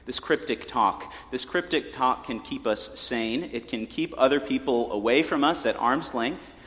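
A man's voice: medium pitch, unhurried, fairly bright tone. A man preaching a sermon from the pulpit in a conversational way, with joking asides to the congregation. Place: church sanctuary. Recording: long church reverb.

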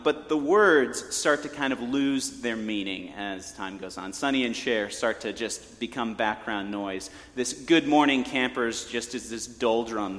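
Male preacher, chatty sermon, mid-pitched voice, long church reverb. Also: fairly bright tone. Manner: conversational, joking asides. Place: church sanctuary.

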